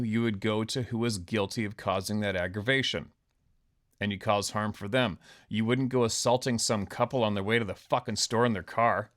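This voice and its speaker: A man's voice: lowish voice, fairly bright tone. A man hosting his own show, delivering an angry, profane monologue rant full of sarcasm and scorn. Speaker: host.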